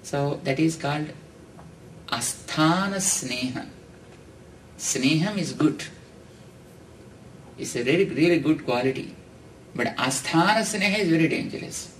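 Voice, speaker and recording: Slow-speaking Indian man giving a discourse. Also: fairly high pitch, animated. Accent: Indian English. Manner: slow, explaining, with Sanskrit verses chanted and many "you know". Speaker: spiritual teacher giving a discourse. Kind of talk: religious discourse. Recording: distant mic with faint background noise.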